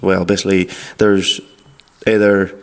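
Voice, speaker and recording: A man's voice: deep voice, little pitch movement, a little slow, clear, resonant tone. A man, teasing and telling stories in casual podcast banter with swearing. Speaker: podcast co-host.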